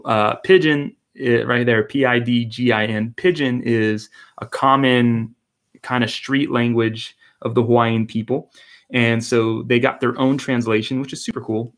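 A man preaching a sermon, explaining scripture in an earnest way and asking rhetorical questions. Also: mid-range voice. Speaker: pastor.

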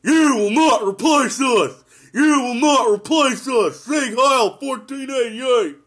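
A man doing a mocking impression of a crying extremist man who shouts slogans, in a bad New England accent. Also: fairly even intonation, slow pace, heavily acted. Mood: shouting. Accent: New England, put on badly. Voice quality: shouted, wailing, high and strained.

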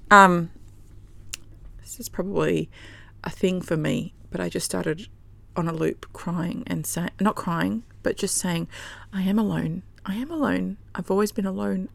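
A woman's voice: medium pitch, vocal fry, dry recording. A woman hosting a podcast, telling a personal story in a candid, rambling, emotional way and swearing freely. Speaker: podcast host.

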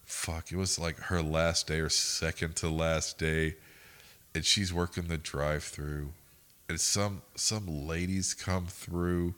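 A man's voice: sits low, steady tone, slow pace, fairly bright tone, clear, resonant tone. A young man co-hosting a podcast, telling rambling, profane stories in casual chat. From United States. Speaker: podcast co-host.

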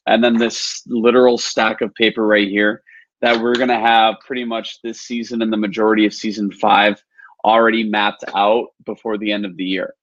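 A man's voice: on the low side, little pitch movement, moderate pace, no echo, highs cut off. A man hosting a live-streamed podcast, talking casually with lots of fillers and restarts, his voice a little worn as he says he is partly losing it. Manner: rambling, filler-heavy, upbeat. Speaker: podcast host.

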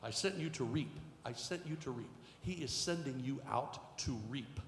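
A middle-aged male pastor preaching a sermon, moving from quiet storytelling to shouted exhortation. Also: mid-range voice, normal speed. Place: church sanctuary. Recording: echoey hall with faint noise.

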